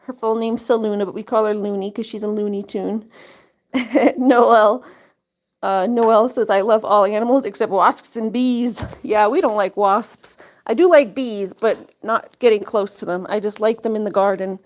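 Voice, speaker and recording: A woman's voice: medium pitch, steady tone, moderate pace, darkish tone. Chatty woman livestreaming with her pets. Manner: chatty, lots of "like" and laughs, coos to pets. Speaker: livestream host. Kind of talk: casual live-stream chat with viewers and pets. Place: home, indoors. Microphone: phone or webcam camera.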